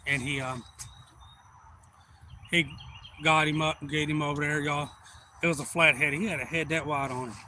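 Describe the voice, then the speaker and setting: A man hosts a live fishing stream and rambles through a folksy story. His voice sits a bit high and sounds bright and sharp. He gets loud and excited as the story builds. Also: moderate pace, long pauses, a little hiss or hum, poor audio. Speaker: fishing livestream host. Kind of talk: casual storytelling on a livestream.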